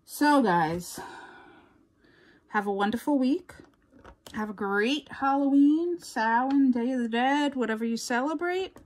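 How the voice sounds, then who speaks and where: A woman's voice: high-pitched, expressive, unhurried. A woman with a New York accent chatting casually to viewers as a crafting vlogger, rambling and laughing often.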